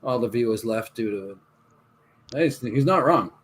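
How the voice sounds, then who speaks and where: A man's voice: medium pitch, expressive, measured pace, a little hiss or hum. Man making dry teasing remarks. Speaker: podcast co-host. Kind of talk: casual chat.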